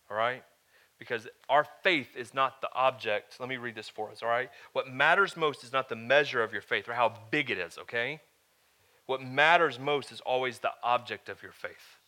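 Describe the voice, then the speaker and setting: A male pastor delivering a sermon in a bright, forceful voice. He swings between loud, emphatic declarations and quieter, earnest teaching, checking in with the congregation as he goes. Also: mid-range voice, normal speed.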